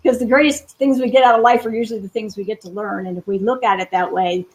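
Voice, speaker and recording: A woman's voice: medium pitch, fairly even intonation, fast, poor audio. A woman speaking as a guest coach on a live webinar, reflecting thoughtfully with hesitant fillers. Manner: thoughtful, many fillers and restarts.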